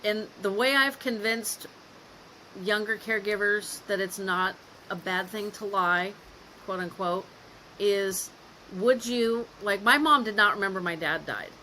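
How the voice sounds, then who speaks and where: A woman's voice: medium pitch, a little slow, sharp tone, a little hiss or hum, rough recording. A woman guest on a caregiving podcast, telling stories in a frank, lightly laughing way. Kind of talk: candid conversational interview.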